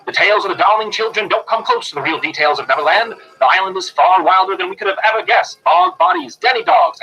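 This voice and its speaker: A man's voice: high voice, bright, forceful tone, full character voice, low-quality recording. A man voicing a newsreel announcer in a promo, with an emphatic, old-time delivery. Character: male newsreel announcer hyping an expedition.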